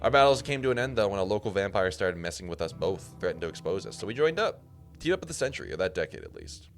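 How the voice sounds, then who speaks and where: A man's voice: low voice, sing-song, quick pace. A man voicing a boastful old talking skull. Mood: storytelling. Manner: rambling, gleeful, attempts an accent. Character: ancient chatty boastful male talking skull mage. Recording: music playing underneath.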